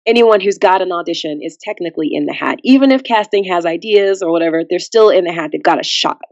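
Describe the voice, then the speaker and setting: A woman's voice: lowish voice, fast talker, no room sound, dull audio. A woman guest on a podcast, chatting casually and acting out the people in her story. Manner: animated storyteller who acts out quotes.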